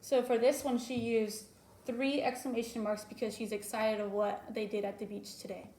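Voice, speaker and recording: A young woman teacher talks through a recorded lesson for young children, patient and explanatory, with frequent ums. Her voice is a little high, and the recording has a roomy echo. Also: level tone, normal speed, a little mellow.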